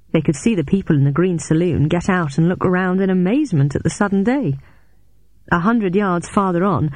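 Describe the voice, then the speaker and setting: A woman narrating a novel in the first person, in a measured storytelling way. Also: dry recording. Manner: measured storytelling, raises pitch sharply for shouted dialogue. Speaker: audiobook narrator.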